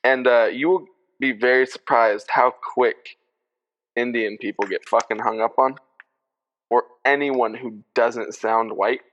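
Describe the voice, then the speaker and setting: A man's voice: mid-range voice, steady tone, unhurried, fairly bright tone, highs cut off. A young man hosting a podcast, chatting casually and bluntly with frequent swearing. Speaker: podcast host. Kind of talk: casual chat.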